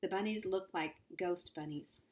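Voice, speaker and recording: Low-voiced woman reading a storybook. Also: moderate pace. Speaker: audiobook reader. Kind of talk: reading a children's novel aloud.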